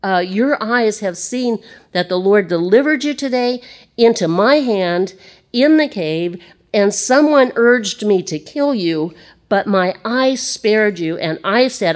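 A woman's voice: medium pitch, animated, slow pace, voice pushed up. A woman voicing a young male warrior who earnestly pleads with a king, read with emphasis from scripture. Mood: pleading.

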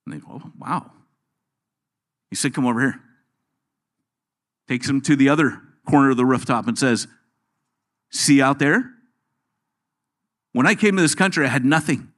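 A middle-aged man preaching a sermon, animated, dropping his voice low and soft when he quotes. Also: normal speed, pauses often. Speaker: pastor.

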